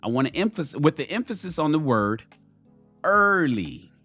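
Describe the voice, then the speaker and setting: A man's voice: fairly high pitch, very animated, fast talker, husky, no room sound, faint music behind. Blunt, profane man lecturing with emphasis. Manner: emphatic, repeats key phrases for stress. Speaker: host giving dating advice to men. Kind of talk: blunt, profane motivational talk.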